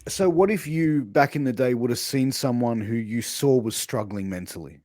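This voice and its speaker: A man's voice: medium pitch, normal speed, darkish tone, no room sound, studio quality. A man co-hosting a podcast who asks long, layered, probing questions in a casual conversational tone. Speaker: podcast co-host.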